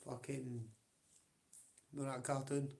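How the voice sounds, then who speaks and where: A man's voice: mid-range voice, little pitch movement, takes it slowly, creaky, a little mellow. A man with a Scottish accent hosting a livestream and chatting casually with viewers. He swears constantly, rambles and often breaks into laughter. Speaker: livestream host.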